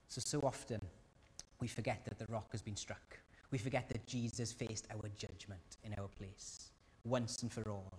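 A man's voice: mid-range voice, fairly even intonation, normal speed, a little mellow. Earnest preaching man in a reverberant hall. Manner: earnest preaching with rhetorical questions. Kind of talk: sermon.

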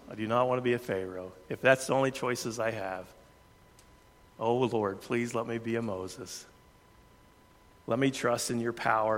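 A man preaching a sermon, earnest, shifting his pace and loudness for emphasis. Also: mid-range voice. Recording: long hall reverb.

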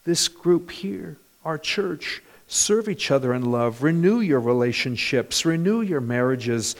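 Animated male pastor with a higher voice. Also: measured pace. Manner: animated preaching with bursts of loud emphasis. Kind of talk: sermon. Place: church.

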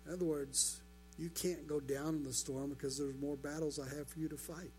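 A man's voice: fairly high pitch, level tone, a little fast, darkish tone, slight background noise. A pastor preaching a sermon, building his points through rhetorical questions and repetition.

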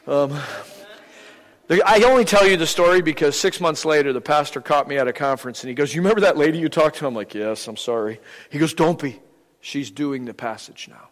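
A man's voice: a little high, in a large hall, low-quality recording. An older man, a visiting preacher, giving a sermon in a joking, conversational way, acting out little anecdotes. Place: church sanctuary.

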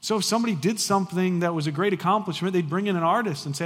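High-voiced, emphatic preacher in a reverberant hall. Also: male voice, fast, hardly any pauses. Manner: animated, emphatic preaching with conversational asides. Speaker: pastor. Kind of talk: sermon.

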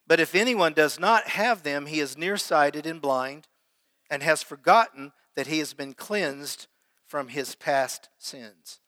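A man's voice: on the high side, takes it slowly, bright, forceful tone, no echo, long reverb tail. A man preaching a sermon as pastor, reading scripture aloud and calling out questions to his congregation. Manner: preaches with prayer and call-and-response to the congregation.

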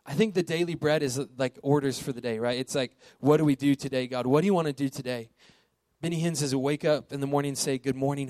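A man's voice: mid-range voice, a little mellow, dry recording. A man preaching a sermon in a conversational way, often asking rhetorical questions and checking in with "right?". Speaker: pastor.

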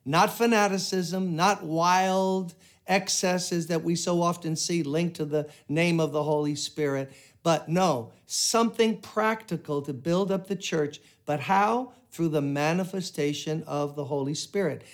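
A man's voice: a little high, measured pace. An older man preaching a sermon, earnest and emphatic, breaking into prayer now and then. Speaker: pastor.

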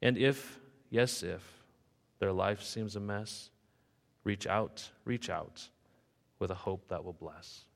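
A man's voice: fairly low pitch, slow pace, gravelly. A male pastor preaching a sermon and telling a story in sing-song rhyme. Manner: rhythmic, sing-song rhyming delivery. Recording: long reverb of a hall.

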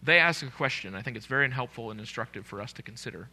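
Bright-voiced male preacher. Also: medium pitch, expressive, fast talker. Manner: conversational, asks the congregation questions. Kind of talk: sermon.

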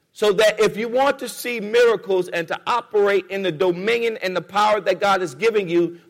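In a church sanctuary, a man with a high, creaky voice delivers a rhythmic, repetitive sermon and calls on the congregation to respond. A long reverb tail trails his words.

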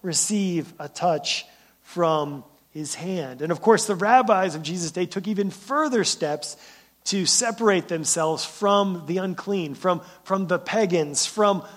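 A man's voice: sits high, measured pace. A man preaching a sermon as pastor, talking conversationally, often checking in with "right?" and repeating words as he starts sentences. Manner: conversational preaching with frequent "right?" tag questions.

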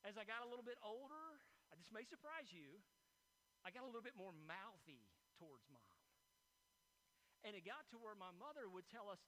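Guy preaching, high bright voice, lots of restarts and repeats, faint hum behind. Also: big pitch swings, moderate pace, low-quality recording. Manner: storytelling with repeated words and rising emphasis. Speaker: pastor. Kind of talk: sermon.

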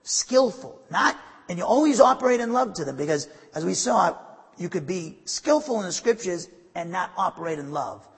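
Emphatic preaching man, husky voice. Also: high-pitched, expressive, normal speed, big-room sound. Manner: emphatic preaching with asides and restarts. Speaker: pastor. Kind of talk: sermon.

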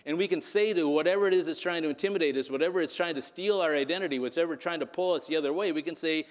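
A man's voice: a little high, very fast. Man preaching in a reverberant hall. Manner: conversational, frequent "right?" asides. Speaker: pastor. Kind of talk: sermon with storytelling.

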